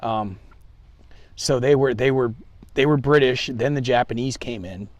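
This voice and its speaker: A man's voice: mid-range voice, unhurried, dry recording, lo-fi sound. A man as an interview guest, telling travel stories loosely with hedges and restarts. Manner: loose storytelling, hedging, many restarts. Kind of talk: casual chat.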